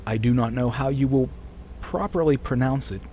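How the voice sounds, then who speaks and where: A man streaming a game live, chatting with viewers in a rambling way. He keeps correcting himself and clearing a sore throat. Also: mid-range voice, moderate pace, warm tone, slight background noise. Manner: rambling, self-correcting, reads chat aloud. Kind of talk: casual live-stream chat.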